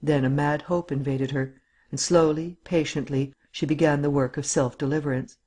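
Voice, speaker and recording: A man reading a classic novel as an audiobook in a measured storytelling voice, acting out the dialogue. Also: fairly high pitch, steady tone, darkish tone. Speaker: audiobook narrator. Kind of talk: scripted audiobook narration.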